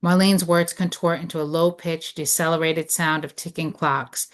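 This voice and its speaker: A woman reads stage directions aloud in a low voice. Her delivery is measured and descriptive, setting each scene plainly. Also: little pitch movement. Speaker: narrator reading stage directions. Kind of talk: script read of stage directions.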